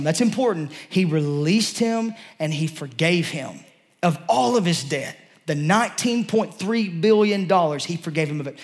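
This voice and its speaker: A man preaching a sermon, explaining a scripture passage in a conversational way and rising to emphatic peaks. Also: high voice.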